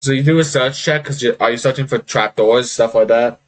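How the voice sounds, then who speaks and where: A man's voice: medium pitch, fairly quick. A man acting as game master, narrating a tabletop game in a casual, rambling way over a voice call.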